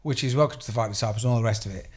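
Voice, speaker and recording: A man's voice: medium pitch, racing. Chatty guy telling stories. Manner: laughing, rambling storyteller. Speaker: podcast co-host. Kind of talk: casual chat. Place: studio room under bright lights. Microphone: table mic.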